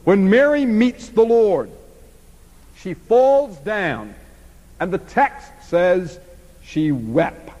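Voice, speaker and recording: A man delivering an expository sermon in a somewhat high voice, his pitch rising and falling widely. He swings from emphatic stretches down to near-hushed ones, and his voice rings out with a long hall reverb. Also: lively intonation, very slow, pauses often, dull audio. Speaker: preacher.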